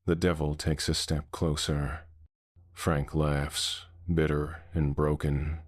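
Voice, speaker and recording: Very deep, slow male horror narrator. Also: level tone, no echo, clean studio sound.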